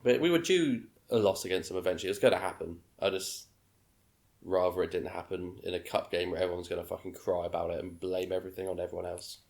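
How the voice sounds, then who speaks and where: A man with a low voice chatting on a podcast. He gives his views in a plain, offhand way. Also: fast talker, creaky, darkish tone. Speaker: podcast co-host. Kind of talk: casual chat.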